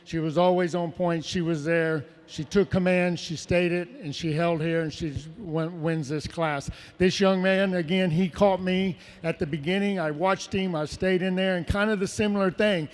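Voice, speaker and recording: A man giving a livestock judge's reasons in an earnest, halting way, heard over a public address system. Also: high voice, fairly even intonation. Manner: earnest, halting, repeats himself. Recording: echoing arena PA from afar.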